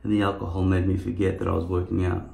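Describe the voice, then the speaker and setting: A man's voice: low-pitched, monotone, fast, vocal fry, mellow. A man vlogging in casual chat, rambling and profane. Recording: echoey room.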